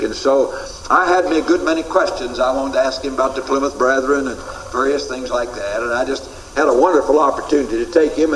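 A man's voice: medium pitch, a little hiss or hum. A man teaching a classroom Bible lecture in an earnest way, repeating his key points for emphasis. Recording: echoey room recording.

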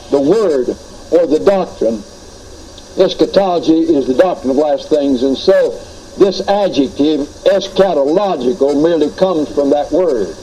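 A man's voice: a little high, warm tone, slight background noise, poor audio. A man preaching a teaching sermon on doctrine, earnest and explanatory, often retelling anecdotes.

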